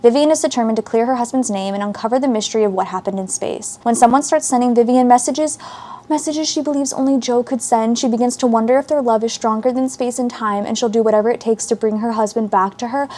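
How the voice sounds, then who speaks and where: A woman's voice: a little high, fast talker, warm tone. A woman, casually chatting as she reads book synopses aloud and reacts to them. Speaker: book channel host.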